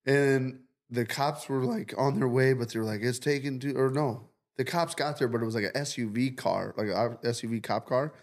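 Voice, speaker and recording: A man's voice: mid-range voice, normal speed, hardly any pauses. Male co-host, casual, rambling profane storyteller. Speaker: podcast co-host. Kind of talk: casual chat, telling a dream story.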